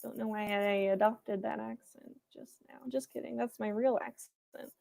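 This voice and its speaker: A young woman hosts a writing livestream from her room, talking to her viewers in a playful, chatty way. Her voice sits a little high, and she picks up chat comments as they come in. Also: fairly even intonation, normal speed, gravelly, darkish tone. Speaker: livestream host.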